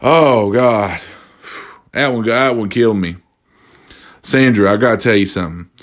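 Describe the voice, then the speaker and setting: A man hosting a casual, comedic talk, reading out viewer submissions and reacting with loud, profane amusement. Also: on the low side, a little slow. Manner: animated, laughing, profane, cracks up. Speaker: host.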